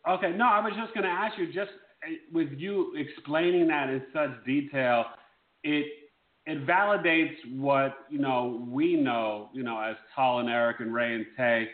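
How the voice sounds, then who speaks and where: A man's voice: medium pitch, normal speed. A man co-hosting a talk show, asking a guest rambling, enthusiastic questions. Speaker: co-host. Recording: echoey room over a tinny line.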